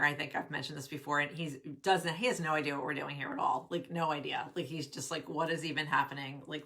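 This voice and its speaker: Woman, middle-aged, career coach, chatty and bubbly, webcam live stream, bright tone. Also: low voice. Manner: bubbly and chatty, greets viewers by name. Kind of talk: casual live-stream talk. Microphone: webcam at desk.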